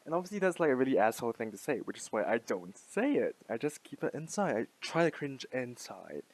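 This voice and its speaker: A man's voice: mid-range voice, sing-song, a little fast. A young man in his twenties talking through an unscripted casual monologue, rambling with lots of fillers, casual swearing and frequent laughs. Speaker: language-learning vlogger.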